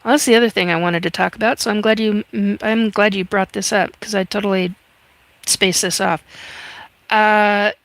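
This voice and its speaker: Woman in her fifties, live chat host; gravelly, close and dry, rambling through viewer comments. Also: medium pitch, fairly even intonation, moderate pace, dry recording. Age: 50s. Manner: chatty, reads viewer comments aloud, frequent fillers. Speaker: livestream host reading chat.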